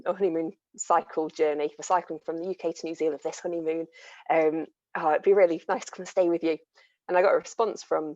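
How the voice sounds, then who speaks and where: A woman's voice: deep voice, vocal fry, darkish tone, no echo, highs cut off. A woman on an online panel, telling a travel story in a chatty way with frequent laughs, heard through a video call.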